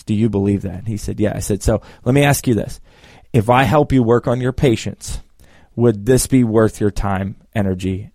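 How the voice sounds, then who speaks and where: A man working as a business coach who tells a client story with lively re-enacted dialogue. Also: medium pitch, no echo, clean studio sound. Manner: animated storyteller, acts out both sides of the dialogue. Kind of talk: storytelling talk.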